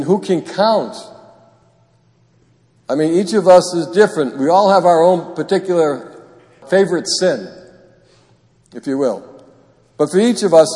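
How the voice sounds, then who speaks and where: Priest, homily, slow and deliberate, long church reverb. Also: male voice, fairly high pitch, a little mellow. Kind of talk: gospel reading and homily.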